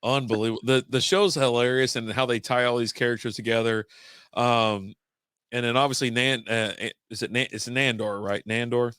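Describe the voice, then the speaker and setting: A man's voice: mid-range voice, steady tone, moderate pace, fairly bright tone, smooth, no room sound. Chill guy on a podcast, cusses a lot, dry close mic. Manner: laid-back, swears casually. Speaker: podcast co-host. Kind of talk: casual chat.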